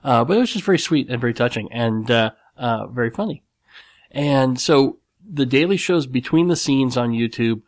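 A man's voice: mid-range voice, a little mellow, no room sound. A man hosting his own show, retelling a story in a loose, rambling way with many restarts and asides. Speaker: podcast host. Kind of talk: casual solo storytelling.

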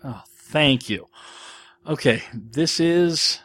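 A man's voice: fairly high pitch, expressive, slow, a bit bright. Rambling, self-deprecating man. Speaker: podcast host answering listener questions. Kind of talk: casual monologue.

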